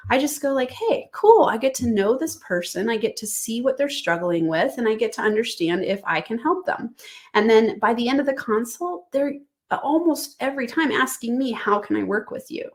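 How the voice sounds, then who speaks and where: A woman's voice: fairly high pitch, expressive, moderate pace. A woman hosting her own business podcast, coaching listeners in an enthusiastic, conversational and emphatic way. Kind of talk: solo podcast teaching.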